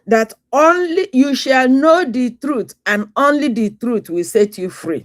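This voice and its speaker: A woman's voice: high-pitched, expressive, unhurried. A woman with a Nigerian Igbo accent speaking as a guest on a talk show, angry, emphatic and lecturing. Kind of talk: casual talk show chat.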